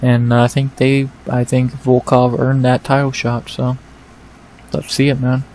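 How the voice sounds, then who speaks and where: A man hosting an MMA fight recap in a casual, excited way, swearing often and repeating himself. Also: mid-range voice, measured pace, slight background noise, low-quality recording.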